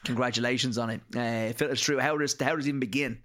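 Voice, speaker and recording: Fast-talking podcast host. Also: male voice, mid-range voice, steady tone, fairly bright tone, a little hiss or hum. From Ireland. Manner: quick, encouraging interjections. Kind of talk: casual interview chat.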